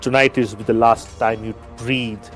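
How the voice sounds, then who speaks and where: A man's voice: mid-range voice, level tone, a little slow, a bit bright, faint music behind, natural voice. A man voicing a grim, defiant adult warrior swordsman who taunts his foes, in a tabletop role-playing game. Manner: taunting, boastful.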